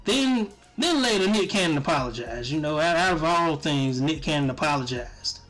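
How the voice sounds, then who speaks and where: High-voiced man ranting on a stream. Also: moderate pace, faint music behind. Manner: animated, profane, laughing asides. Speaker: streamer commentator. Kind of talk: casual profane stream commentary.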